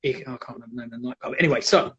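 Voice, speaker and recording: A man telling animated stories in a casual live chat and acting out the people in them. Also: medium pitch, racing, breathy edge. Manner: animated, acts out quoted voices. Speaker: guest, jiu-jitsu black belt. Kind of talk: casual storytelling on a live stream. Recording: dull lo-fi live stream audio.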